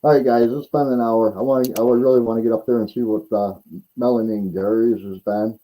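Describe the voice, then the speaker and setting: A man's voice: medium pitch, fairly even intonation, brisk, mellow, rough recording. A man hosting a casual livestream, telling rambling stories with repeated words and chuckles. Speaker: host.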